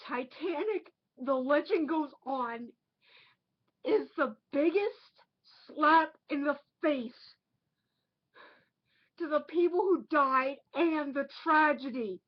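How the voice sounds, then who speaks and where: High-voiced, indignant woman ranting. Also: takes it slowly, lo-fi sound. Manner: indignant, emphatic, repeats herself for effect. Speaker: online movie reviewer. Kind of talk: ranting film review.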